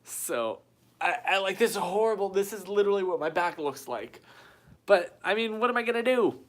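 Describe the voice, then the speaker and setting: A man's voice: sits high, lively intonation, normal speed. Guy chatting on a phone live stream, jokey and self-deprecating, small bare room. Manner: reads viewer comments aloud. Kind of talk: casual live-stream chat. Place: small room with white walls.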